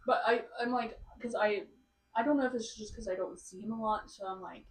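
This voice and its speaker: A woman's voice: on the high side, fairly quick. Young adult woman, guest on a chat podcast, chatty and rambling; roomy, distant sound. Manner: rambling, full of "like" fillers, animated storytelling. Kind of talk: casual chat.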